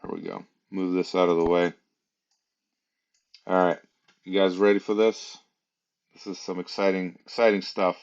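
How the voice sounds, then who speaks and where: A man's voice: deep voice, normal speed, long pauses, a little mellow. A man hosting a casual livestream, chatting loosely with laughs and plenty of fillers. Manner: rambling, chatty, laughs often, many fillers. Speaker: livestream host. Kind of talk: casual live-stream chat. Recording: dull lo-fi sound.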